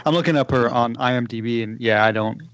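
A man's voice: medium pitch, quick pace, no room sound. Chatty man on a dry lo-fi podcast. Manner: chatty, laughs often, trails off mid-thought. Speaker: podcast co-host. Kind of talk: casual chat. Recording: dry, slightly lo-fi sound.

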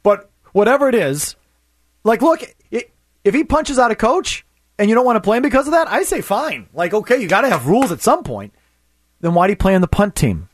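Man, sports radio host, high voice, dry studio sound, argumentative. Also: big pitch swings, fairly quick, no echo. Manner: argumentative, rhetorical questions. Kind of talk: sports talk radio debate.

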